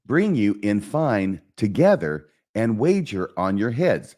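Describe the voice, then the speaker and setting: A man's voice: lowish voice, very animated, takes it slowly, darkish tone. A man reading a scheming king's verse lines aloud in a plain reading voice. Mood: persuasive. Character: scheming middle-aged male king, persuasive.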